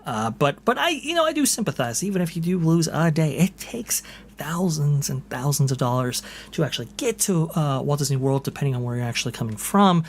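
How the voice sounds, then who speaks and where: A man's voice: fairly high pitch, very animated, brisk, a little hiss or hum. Podcast guy reading posts out and riffing, lots of uhs and "right here". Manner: chatty, many fillers, repeats "right here". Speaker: podcast host. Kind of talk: casual chat reading viewer posts.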